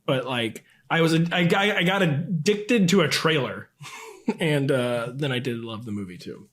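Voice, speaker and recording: A man's voice: fairly high pitch, expressive, a little slow, a bit bright. A man in his thirties talking as a podcast guest, rambling with lots of fillers and frequent laughter. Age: 30s. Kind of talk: casual chat.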